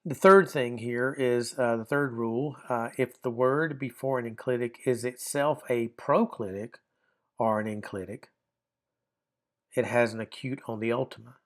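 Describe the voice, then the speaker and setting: A man's voice: medium pitch, steady tone, normal speed. A man teaching a grammar lesson, explaining step by step with frequent fillers and restarts. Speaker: Bible language teacher. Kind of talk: classroom grammar lecture.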